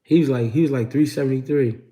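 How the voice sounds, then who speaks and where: A man's voice: mid-range voice, quick pace, mellow. A man hosting a casual livestream, answering chat questions and telling street stories in a slangy, laid-back way. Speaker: host.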